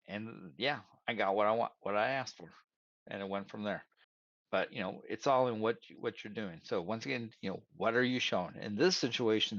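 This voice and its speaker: A man's voice: on the low side, a bit bright, no echo, muffled recording. A man giving casual career advice, telling stories and acting out both sides of conversations, calling his listeners "y'all". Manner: storytelling, acts out both sides of dialogues.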